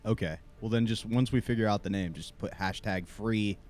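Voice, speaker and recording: A man co-hosting a podcast, telling a story in a casual, animated way and acting out the other people in it. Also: lowish voice, normal speed, soft background music. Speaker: podcast co-host.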